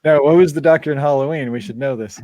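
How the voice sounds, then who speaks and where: A man's voice: fairly high pitch, quick pace, dark tone, no room sound. A man hosting a live-stream Q&A in casual chat, rambling through asides and laughing often. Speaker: band member hosting a live Q&A.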